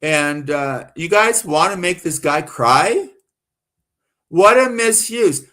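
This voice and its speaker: Southern guy streaming commentary, kinda high voice, slow and rambly, keeps getting worked up. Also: lively intonation, sharp tone. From American South. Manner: rambling, repetitive, gets worked up and indignant. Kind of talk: casual live-stream commentary.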